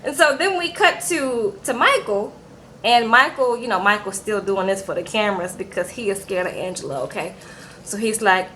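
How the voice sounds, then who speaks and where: A woman casually recapping a reality show, animated and sassy, acting out quotes with asides to her viewers. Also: mid-range voice, moderate pace, slight background noise, rough recording.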